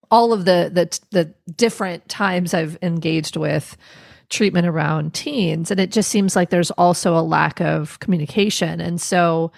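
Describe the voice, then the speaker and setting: A woman's voice: deep voice, gravelly, dry recording, clean studio sound. A woman in her forties, a therapist, talking thoughtfully in a podcast conversation, often searching for words and restarting.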